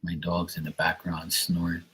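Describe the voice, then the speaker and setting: Bermudian dude rambling on his stream, low raspy voice. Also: completely flat delivery, normal speed, fairly bright tone. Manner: rambling, chatty, casual swearing. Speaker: live stream host. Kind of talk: casual live-stream chat.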